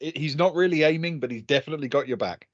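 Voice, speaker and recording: Man running a tabletop game, halting. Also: a little high, no room sound, muffled recording. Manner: hesitant, many ums and uhs while narrating. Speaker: game master.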